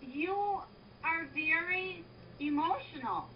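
A woman's voice: very high-pitched, animated, slow pace. A woman pushing back defensively in a heated argument. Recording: muffled lo-fi with faint noise.

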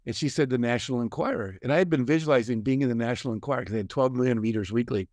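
Older male guest, animated storyteller, medium pitch, dry close sound. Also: very fast, no echo. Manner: animated storyteller, acts out quoted voices. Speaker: guest, success coach and author. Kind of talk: storytelling in a conversation.

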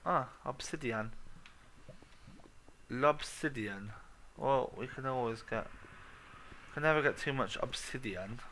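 A man's voice: medium pitch, normal speed, fairly bright tone, a little hiss or hum. A young man giving a let's play commentary, muttering, humming and swearing freely to himself as he plays. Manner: swears often, mutters and hums to himself while playing. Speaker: gaming commentator.

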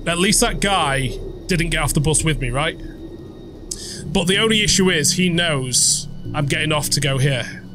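A man's voice: on the high side, moderate pace, pauses often. Young man, horror let's-play host, jumpy and sweary, faint hiss behind. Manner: jumpy, swearing, muttering reactions. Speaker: gaming YouTuber.

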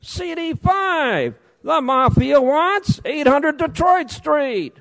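A man giving a sarcastic, accusatory public comment at a council meeting, speaking slowly and deliberately. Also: extremely high pitch, sing-song, creaky, a bit bright, in a large hall, low-quality recording. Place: council chamber.

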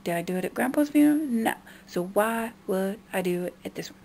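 A young woman venting to her camera with a frustrated edge, talking at a middle pitch. Her voice has a gravelly, fried texture, and a faint hiss of noise sits under it. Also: animated, a little fast, a little mellow. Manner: frustrated, mimicking others in a high nagging voice. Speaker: vlogger. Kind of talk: venting monologue.

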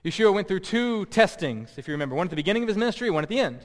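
A man's voice: high-pitched, sing-song, racing. A man preaching a sermon as pastor, emphatic and repeating key words for stress. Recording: long reverb.

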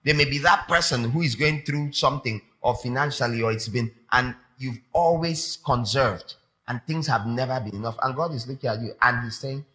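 A man preaching a sermon, animated and emphatic, repeating phrases for effect. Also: medium pitch, moderate pace.

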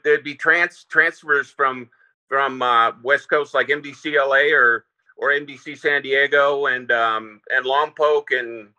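A man, a former prison lieutenant, telling stories in a relaxed interview, rambling with restarts and fillers. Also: a little high, poor audio. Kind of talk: casual interview storytelling.

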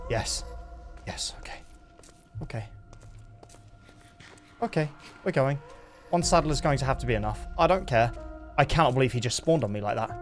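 A young man narrates his gameplay in a bouncy, expressive voice that leaps up and down. He is jumpy and easily startled, coaxing his animal companion along as he goes. Soft music plays quietly behind him. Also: medium pitch. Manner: jumpy, excitable, talks to his horse, sudden yelps of fright. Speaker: gaming YouTuber. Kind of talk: live gameplay commentary.

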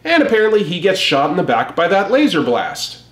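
With a slightly high, fairly bright voice that swings hugely in pitch, this comic review host talks briskly and wryly in a casual way. The space around him produces a noticeable echo.

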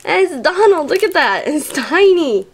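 A woman's voice: very high-pitched, very animated, a little slow, slight background noise. A young woman hosting a toy channel, gushing and giggling as she unboxes a package at home on camera. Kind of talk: excited unboxing chat.

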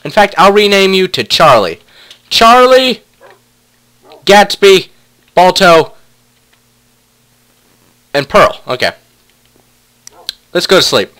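A man's voice: high-pitched, very animated, slow, long pauses, bright, forceful tone. A young man casually commentating a block-building game, playfully talking to his pet wolves. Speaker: let's play gamer.

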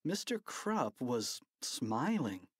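A narrator reading a children's audiobook with an animated, playful delivery. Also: mid-range voice, takes it slowly, husky, no room sound, studio quality.

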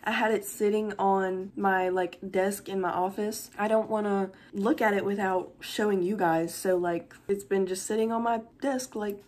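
A woman's voice: mid-range voice, steady tone, normal speed, few pauses, darkish tone. A young woman, chatting through an unboxing vlog, gushing and close to tears. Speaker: vlogger.

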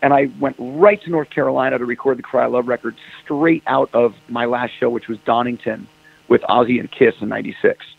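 Gravelly-voiced rock singer on a phone line. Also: male voice, mid-range voice, brisk. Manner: animated, acts out phone calls in quoted voices. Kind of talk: casual storytelling interview. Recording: dry tinny phone line.

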